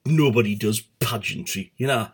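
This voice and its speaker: A man's voice: lowish voice, normal speed, breathy edge. A middle-aged man hosting a satirical comedy show, rambling and swearing with stumbling restarts.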